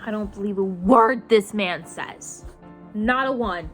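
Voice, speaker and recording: A woman's voice: mid-range voice, measured pace, a bit bright, soft background music. A young woman vlogging casually about books, ranting dramatically and swearing in mock outrage. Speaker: book vlogger. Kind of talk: casual reading vlog rant.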